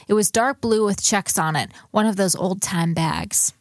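A woman co-host chatting casually and reading passages aloud in a measured way. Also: mid-range voice, no echo, clean studio sound.

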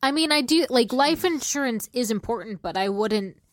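A woman's voice: fairly high pitch, expressive, a little fast, no echo, studio quality. A woman co-hosting a casual true crime podcast, reacting with shock and laughter and weighing in on the case. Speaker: podcast co-host.

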